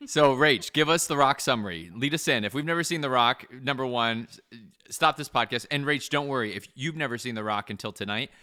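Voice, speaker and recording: A man's voice: mid-range voice, a little fast, bright, forceful tone, clear, resonant tone. A young adult man hosting a casual podcast chat, joking and laughing often. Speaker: podcast host.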